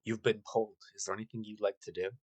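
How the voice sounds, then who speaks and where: A man running a tabletop role-playing game, narrating in a casual, halting way. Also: lowish voice, flat delivery, a little mellow, no room sound, poor audio. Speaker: game master.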